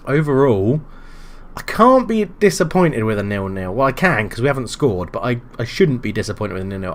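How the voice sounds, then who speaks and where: Casual male game streamer, mid pitch, chatty and self-mocking, excitable on big moments. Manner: chatty, self-deprecating, excitable during play.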